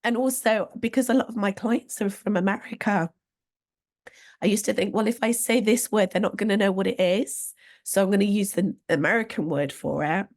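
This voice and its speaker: A woman's voice: medium pitch, brisk, a little mellow. A British woman hosting a podcast, talking candidly and with a self-deprecating, chatty manner. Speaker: podcast host. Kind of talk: conversational podcast chat.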